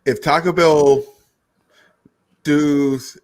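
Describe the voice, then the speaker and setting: A man's voice: fairly high pitch, steady tone, very slow, a little mellow. A man co-hosting a casual chat, goofy, laughing often and stammering into his questions. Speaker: co-host.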